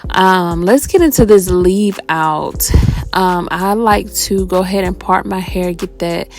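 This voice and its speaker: A young woman talking viewers through a hair tutorial in a casual, chatty way, out of breath and tired. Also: on the low side. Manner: chatty, addresses viewers as y'all.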